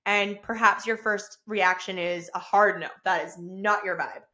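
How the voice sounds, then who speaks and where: In an unhurried, mid-range voice, a woman in her thirties hosts her own podcast alone, self-recorded on camera. Her casual talk is enthusiastic and effusive, building at times to excited bursts.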